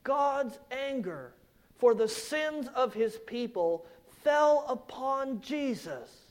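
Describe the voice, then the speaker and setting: A man delivering a sermon in a very high voice. He preaches slowly and deliberately, rising in force on his main points and sinking soft at the ends of phrases. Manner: slow, emphatic preaching with dramatic swells and drops. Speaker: pastor.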